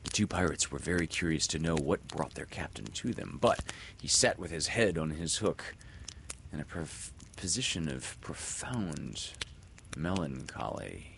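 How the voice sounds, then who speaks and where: A man narrating a classic children's story aloud with an expressive, dramatic delivery. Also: rumbling low, unhurried, creaky, slight background noise.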